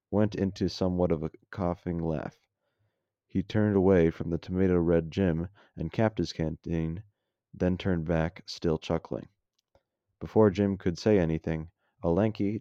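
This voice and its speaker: Young man reading a story, very deep voice. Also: dark tone, dry recording. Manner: casual, self-correcting, wry asides. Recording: dull lo-fi dry home mic.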